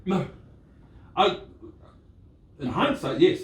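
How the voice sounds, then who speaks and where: A man's voice: high-pitched, sing-song, takes it slowly, a little hiss or hum. A man casually chatting with friends, telling a rambling story and laughing along as he goes. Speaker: podcast co-host. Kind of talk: casual chat among friends. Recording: echoey room, distant mic.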